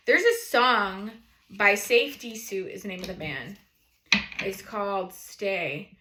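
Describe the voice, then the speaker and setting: A woman from New England with a New England accent, chatting quickly and playfully while doing a tarot card reading. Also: mid-range voice, reverberant, background noise. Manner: fast-talking, playful, laughs often. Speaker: tarot reader.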